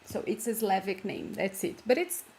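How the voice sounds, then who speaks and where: A woman's voice: medium pitch, expressive, moderate pace, darkish tone. A woman with a Brazilian Portuguese accent, a native Portuguese speaker, patiently explaining words step by step in an online language lesson. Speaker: language teacher.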